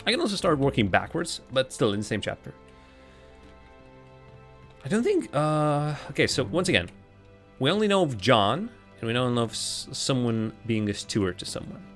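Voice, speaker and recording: A man's voice: mid-range voice, big pitch swings, normal speed, a bit bright, soft background music. A man streaming a game live, thinking aloud in casual commentary with frequent restarts.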